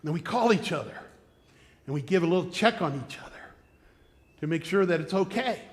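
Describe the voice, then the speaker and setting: American pastor, high voice, lively storyteller, church reverb. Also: male voice, brisk. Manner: animated storyteller, acting out shouted quotes. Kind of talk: sermon with storytelling. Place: church sanctuary.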